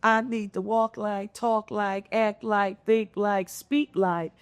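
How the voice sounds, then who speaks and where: A middle-aged woman from Philadelphia, a mayor speaking as a panel guest, telling stories in an animated, expressive way with lively intonation. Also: mid-range voice, takes it slowly, clear, resonant tone, dry recording. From Philadelphia, United States. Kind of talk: conversational panel discussion.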